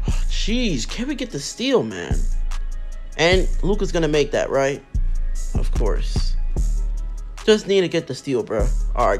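A man giving casual, excitable commentary over his own mobile basketball game and talking straight to his viewers. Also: medium pitch. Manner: excitable, talks to viewers, says man and bro a lot. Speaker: mobile game channel host.

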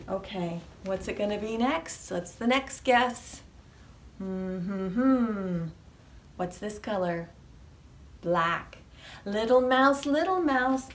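In a library room, a woman with a New England American accent leads a preschool storytime full of rhymes and songs. She's animated and sing-song, letting out high squeals on reveals, and the echoey room is picked up by a distant mic.

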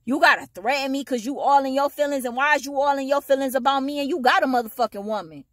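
A woman vlogger rants to camera at home in a heated, profane monologue full of blunt slang, talking at a quick pace. Her voice swings up into loud, high-pitched bursts, and the sound is dry and close with no echo.

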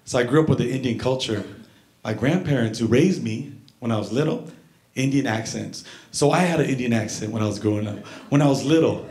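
A male stand-up comedian on a club stage, animated, acting out his stories. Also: medium pitch, a little fast. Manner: animated, acts out voices. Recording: echoey club with audience laughter.

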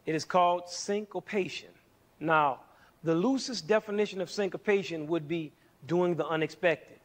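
Host, male: playful music teacher with a slightly high voice who counts beats aloud. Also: normal speed. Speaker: music educator and show host. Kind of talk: scripted music lesson.

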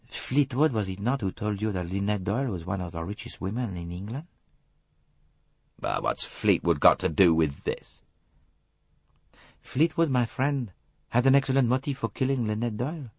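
A man's voice: on the low side, very animated, moderate pace, a little mellow, husky, no echo, pitched above the performer's own voice, full character voice. A man voicing a suave older male Belgian detective who probes precisely and slyly. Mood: probing.

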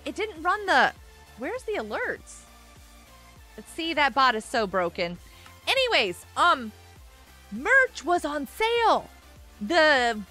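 A woman hosts a casual live stream with a very high, bright voice that jumps around in pitch. She giggles often and talks straight to her chat. Faint music plays behind her. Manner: bubbly, giggly, reads chat aloud.

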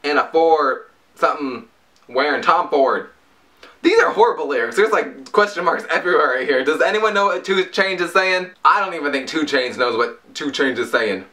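A man reviewing song lyrics in a casual, jokey way, breaking into high yelps. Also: animated, fairly quick, few pauses, pushed and bright. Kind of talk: casual comedic commentary.

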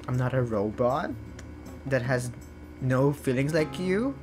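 A woman's voice: very deep voice, animated, slow pace, darkish tone, faint music behind. A young Filipino woman with a Filipino accent, reacting to a drama and mixing Tagalog with English. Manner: mixes Tagalog and English, laughs and squeals often. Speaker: reaction vlogger.

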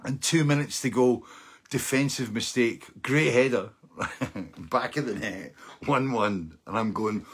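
A Scottish man chatting casually as host of his stream, rambling and animated, laughing often as he talks. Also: medium pitch, normal speed, slightly rough. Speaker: livestream host. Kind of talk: casual storytelling chat.

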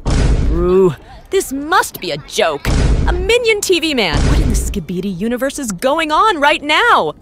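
A woman hosting a reaction video, giving excited commentary full of dramatic gasps and exclamations. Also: normal speed, over music. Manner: dramatic gasping exclamations, swooping from squeals to low murmurs.

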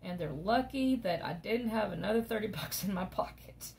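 A woman's voice: mid-range voice, moderate pace, creaky, darkish tone. A woman, chatting casually and rambling through stories as she crafts. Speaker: crafting vlogger. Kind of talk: casual chat while crafting.

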